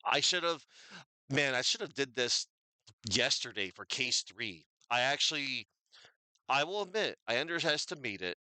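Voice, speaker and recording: A man's voice: mid-range voice, animated, unhurried, pushed and bright, no room sound. A man, rambling casually and thanking his viewers as he signs off a stream. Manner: rambling, thankful, chatty with fillers. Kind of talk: casual stream sign-off chat.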